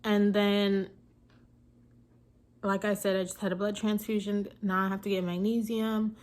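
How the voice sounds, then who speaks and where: Slow-talking emotional young woman. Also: mid-range voice, flat delivery, darkish tone. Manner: emotional, teary, halting with many fillers. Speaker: vlogger. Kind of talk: personal storytelling vlog.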